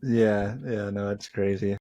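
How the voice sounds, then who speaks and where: A man's voice: fairly low pitch, little pitch movement, measured pace, mellow, dry recording. Joking American man co-host. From upstate New York. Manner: joking, self-mocking. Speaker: podcast co-host. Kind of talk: casual chat.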